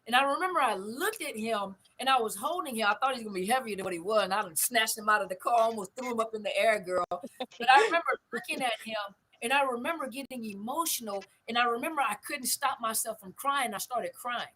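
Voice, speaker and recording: A woman's voice: on the high side, animated, fast talker, sharp tone, rough recording. An older woman, hosting a family conversation and telling stories with emphatic repetition. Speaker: host.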